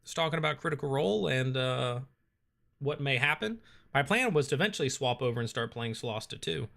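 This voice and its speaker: A man's voice: mid-range voice, expressive, a little fast, gravelly, a bit bright. A man hosting a casual livestream, reading viewer comments aloud and answering them with lots of ums and uhs. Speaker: streamer reading live chat.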